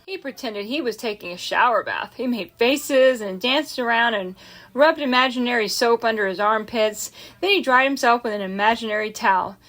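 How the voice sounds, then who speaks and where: A woman narrating a children's chapter book aloud in a gentle, expressive way, lingering on key words. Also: a little high, normal speed. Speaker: audiobook reader. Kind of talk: storybook read-aloud narration.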